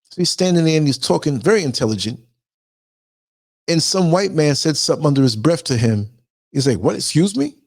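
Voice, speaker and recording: A man's voice: fairly high pitch, fairly quick, pauses often, no echo. New York man telling a story. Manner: animated, acts out quoted voices. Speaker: podcast host. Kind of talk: casual storytelling monologue.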